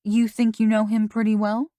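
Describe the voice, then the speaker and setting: A woman voicing a mother who gently questions her daughter, in an audiobook. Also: on the high side, monotone, moderate pace, dry recording, clean studio sound, lightly acted. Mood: gentle.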